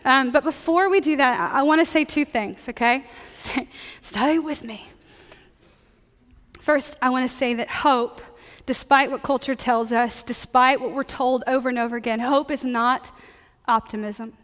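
Lady pastor, high voice, chatty jokey sermon, big echoey church hall. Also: measured pace, fairly bright tone. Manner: conversational, joking preaching.

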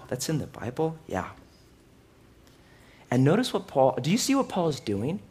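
This sermon comes from a male pastor at medium pitch who preaches with animation, exclaiming loudly, dropping into hushed asides, and mocking himself sarcastically.

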